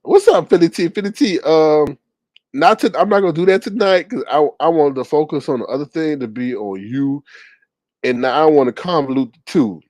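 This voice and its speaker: A man in casual livestream commentary, chatty and gossipy. His voice swings widely in pitch, with frequent exclamations. The sound is dry and close to the mic. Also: expressive, normal speed, darkish tone, no echo. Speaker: livestream host reading chat.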